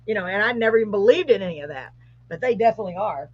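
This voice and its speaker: A middle-aged woman hosts a live show, telling a ghostly story with growing excitement and an animated voice. Her voice is husky and a little breathy. The sound is muffled and lo-fi, like a live stream. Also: medium pitch, rapid-fire, no room sound. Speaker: host. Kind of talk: casual storytelling, paranormal tale.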